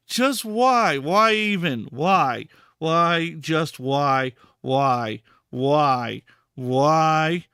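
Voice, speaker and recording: A man's voice: a little high, animated, very slow, bright, forceful tone, clear, resonant tone, no echo, studio quality. A man hosting a live stream, talking casually and repeating himself in disbelief, stammering for words. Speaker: podcast host and streamer.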